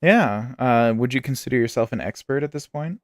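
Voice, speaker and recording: A man's voice: medium pitch, lively intonation, brisk, no room sound, clean studio sound. A young man streaming a game, chatting and joking while telling stories. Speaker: gaming streamer. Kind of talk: casual chat while playing a game.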